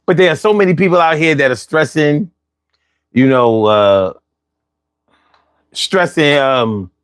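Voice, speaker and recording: A man's voice: fairly high pitch, unhurried, smooth. A man hosting a casual livestream, chatting loosely, reading chat and repeating his phrases.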